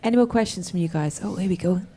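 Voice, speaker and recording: A woman hosting an audience Q&A, brisk and encouraging, laughing easily. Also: on the low side, mellow, husky. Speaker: host. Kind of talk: moderating audience Q&A.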